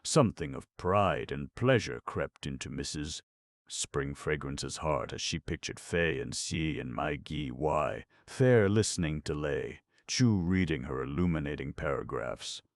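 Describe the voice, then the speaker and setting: A man narrating a classic story for an audiobook in measured, even storytelling. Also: a bass voice, no echo, clean studio sound. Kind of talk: scripted narration.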